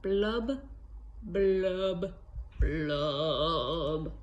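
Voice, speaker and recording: A woman voicing a glum, gloomy male fish, chanting in a mopey sing-song with low blubs. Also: extremely slow, lo-fi sound.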